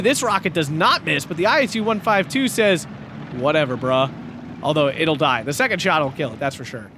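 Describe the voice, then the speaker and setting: A man casting a strategy game tournament match, excitable, laughing often and shouting at big plays, a little hoarse from talking. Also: high voice, slight background noise. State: losing his voice. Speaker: tournament caster.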